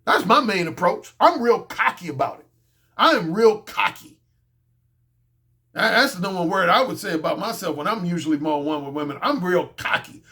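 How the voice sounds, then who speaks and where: A man's voice: high voice, animated, moderate pace, pushed and bright. A man talking as a dating coach in a casual monologue, blunt, profane and boastful.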